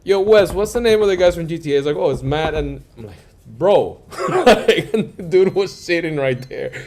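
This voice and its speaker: A male music producer telling stories in a casual interview, animated, acting out quoted dialogue and peppering his talk with "like" and "yo". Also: on the high side, brisk. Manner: frequent fillers like "like" and "yo".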